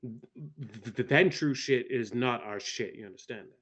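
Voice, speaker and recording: A man doing a stuttering gruff old man. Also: medium pitch, measured pace, a bit bright, lo-fi sound. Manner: heavy stutter, blunt and profane.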